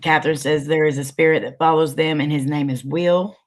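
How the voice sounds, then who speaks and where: Relaxed host reading out viewer questions. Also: mid-range voice, brisk. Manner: relaxed, reads out chat questions, brief agreeing replies. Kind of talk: casual interview chat.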